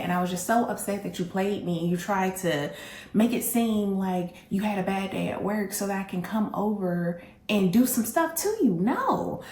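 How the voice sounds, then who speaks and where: Woman vlogger, candid storyteller, lively and blunt, mid-pitched voice, roomy echo. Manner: animated and blunt, addresses the audience directly. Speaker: vlog host.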